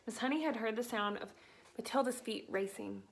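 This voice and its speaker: Lady reading a kids' book out loud, steady and clear, kinda high voice. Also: fairly quick, background noise. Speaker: narrator. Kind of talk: children's book read aloud.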